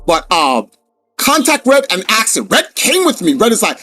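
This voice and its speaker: A man telling a story in a casual podcast chat, animated and swearing, acting out the voices of the people in it. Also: sits high, moderate pace, husky, faint music behind.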